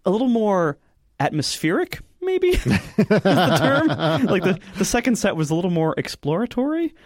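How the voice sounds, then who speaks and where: A man's voice: sits high, big pitch swings, normal speed, dry recording, studio quality. A man co-hosting a podcast, telling a story casually in a rambling way full of fillers. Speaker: podcast co-host. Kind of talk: casual chat.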